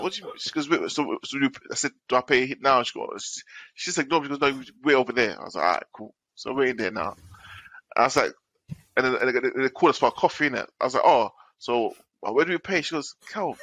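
Animated man, lively telling. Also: mid-range voice, vocal fry, no room sound. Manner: animated storytelling with London slang. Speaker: podcast co-host. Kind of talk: casual chat.

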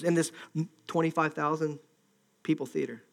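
Man, pastor, casual sermon, animated, acts out crowd voices, somewhat high voice. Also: moderate pace.

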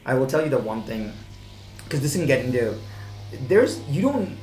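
A man hosting a casual conversation, animated and acting out the exchanges he quotes. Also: mid-range voice, normal speed, soft background music. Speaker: podcast host. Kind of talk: casual chat. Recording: echoey room with faint background noise.

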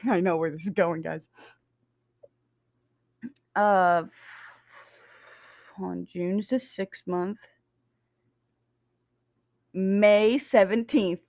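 A woman's voice: mid-range voice, dry recording, clean studio sound. A woman casually reading a document aloud, breaking off for joking, swearing asides and stumbling over dates. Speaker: reader of SCP documents.

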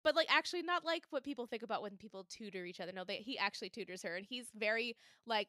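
A young adult woman hosting a casual fandom podcast, animated and laughing often as she acts out her reactions. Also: mid-range voice, quick pace, hardly any pauses, no echo, studio quality. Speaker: podcast host. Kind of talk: casual chat.

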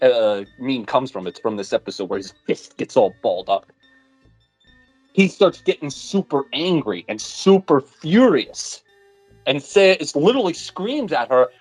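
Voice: medium pitch, dry recording. A podcast co-host in casual chat, animatedly retelling a story and swearing bluntly along the way. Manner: animated storytelling, retelling a plot with mock voices.

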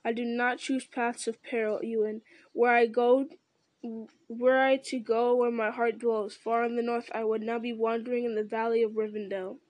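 A stern, resolute lord speaks gravely and with measure, voiced by a woman reading a story aloud. The voice sits fairly high and stays flat in pitch. The sound is dry and close. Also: moderate pace, no room sound, close to an everyday voice, poor audio.

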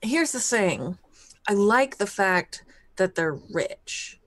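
A woman playing in a tabletop game, speaking in a hesitant, unhurried way, often slipping into light giggles. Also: medium pitch, big pitch swings, a bit bright, no echo. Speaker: player. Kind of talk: in-character tabletop role-play.

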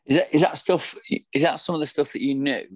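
A man's voice: on the high side, fairly even intonation, brisk, no echo, clean studio sound. A man hosting a podcast who asks questions hesitantly, repeating words as he frames them. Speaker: podcast host. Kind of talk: casual podcast interview.

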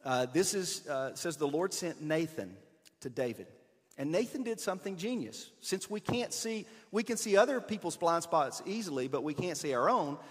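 A man delivers a sermon in a loose, conversational way, pressing hard on some points and dropping to a hush on others. His voice sits a little high. A long reverb trails behind it, as in a big hall or church. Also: moderate pace. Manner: conversational, animated, swings between emphatic and hushed. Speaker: pastor.

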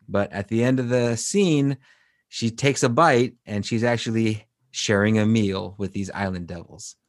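A man's voice: on the low side, a little slow, no echo, studio quality. A man co-hosting a podcast, recapping an anime episode in a rambling way, with many fillers and restarts. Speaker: podcast co-host.

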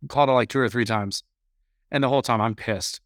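A man co-hosting a podcast, telling a long story in a rambling, animated way during casual chat. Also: medium pitch, a little fast, no room sound, clean studio sound. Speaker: podcast co-host.

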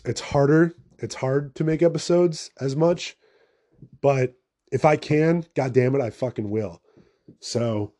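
A man's voice: medium pitch, mellow. A young man hosting his own podcast in a loose, rambling monologue, swearing freely and making fun of himself as he goes. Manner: rambling and profane, self-mocking asides. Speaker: podcast host. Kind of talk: casual solo podcast monologue.

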